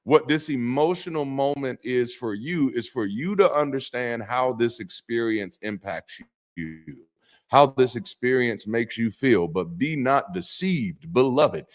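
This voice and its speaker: This is a former pastor, now hosting a live call-in stream, monologuing to the chat in a medium-pitched voice at a measured pace. Expect preacherly turns of phrase, animated emphasis, blunt slang, casual swearing, and lots of restarts.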